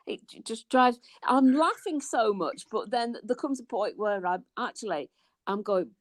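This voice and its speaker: Exasperated woman, bright and dry. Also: fairly high pitch, animated, a little slow, no echo. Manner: exasperated, swears freely. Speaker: guest commentator. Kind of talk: casual live-stream chat.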